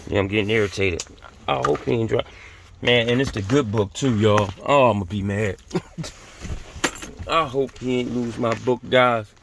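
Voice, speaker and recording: A man's voice: medium pitch, unhurried, gravelly, pauses often, background noise. A man vlogging from his car, preaching bluntly and cursing as he talks to his viewers. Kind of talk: casual religious rant to viewers.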